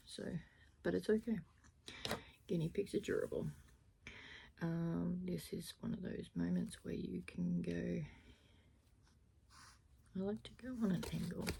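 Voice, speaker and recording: Slow, gravelly-voiced woman. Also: fairly low pitch, slight background noise, low-quality recording. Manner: chatty and self-deprecating, often drops into a soft half-whisper. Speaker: crafter demonstrating needle felting. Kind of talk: casual step-by-step craft tutorial.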